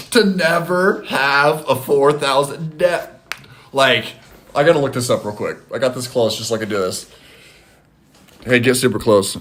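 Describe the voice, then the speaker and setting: Animated man chatting on a phone stream. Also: medium pitch, unhurried, long pauses, a little hiss or hum. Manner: animated, reads chat aloud, swears casually. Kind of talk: casual live-stream chat.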